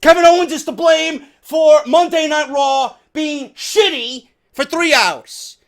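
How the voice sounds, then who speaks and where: High-voiced man ranting profanely. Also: slow pace. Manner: profane, sarcastic, heated ranting. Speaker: wrestling news commentator. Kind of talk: ranting news commentary.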